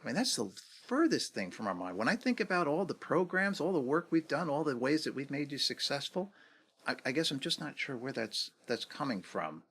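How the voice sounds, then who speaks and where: A man in his fifties, a guest on a podcast interview, talking reflectively and acting out quoted dialogue with lively swings in pitch. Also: a little fast, breathy edge. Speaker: guest, negotiation executive.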